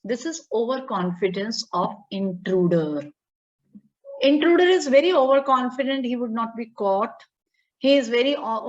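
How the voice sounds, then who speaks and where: Slow-talking teacher woman. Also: on the high side. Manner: slow, repeats phrases, checks with students. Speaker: English teacher. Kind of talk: online class explanation. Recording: dull lo-fi audio.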